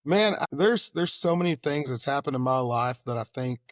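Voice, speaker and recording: Animated Texan man telling fire stories. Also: moderate pace, no echo, clean studio sound. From Texas. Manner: animated, acts out quoted dialogue with rising pitch and volume. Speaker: fire lieutenant and guest. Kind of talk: casual storytelling.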